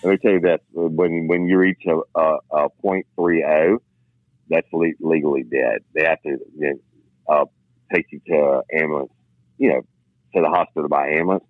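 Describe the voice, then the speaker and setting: A man's voice: very deep voice, steady tone, moderate pace, dry recording. A man, a former police officer co-hosting a crime news show, reading a story aloud and then telling blunt personal stories in casual chat. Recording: tinny phone-like line, dry.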